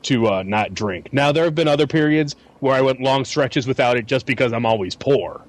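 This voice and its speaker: A man's voice: medium pitch, a little fast. A man in a casual podcast chat, talking hesitantly and stammering over repeated words. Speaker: podcast co-host.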